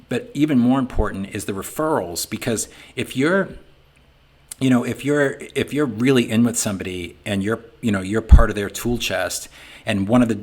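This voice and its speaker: A middle-aged man with a Boston accent giving an informal webinar talk, folksy and conversational, often saying "you know". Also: lowish voice. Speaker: webinar presenter for a sign business software company.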